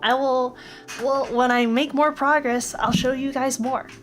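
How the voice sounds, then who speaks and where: A woman's voice: high-pitched, fairly even intonation, measured pace, a bit bright, faint music behind. A woman animator chatting casually on a live stream, upbeat and thanking viewers as she goes.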